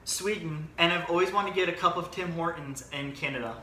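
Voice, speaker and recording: A man's voice: on the high side, fairly quick, bright, forceful tone, a little hiss or hum. Young guy, family story, echoey room, sounds kinda far from the mic. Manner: tells stories, acts out voices. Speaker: son in the family. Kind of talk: casual storytelling.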